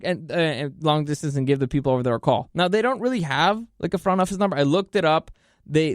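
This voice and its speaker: A man with a fairly high voice rambles through a personal story, cursing freely and tripping over restarts. The sound is close and dry, with almost no room around it. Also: dry recording. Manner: rambling and profane, with many restarts and fillers. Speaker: vlogger telling a personal story. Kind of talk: casual storytelling monologue. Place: California.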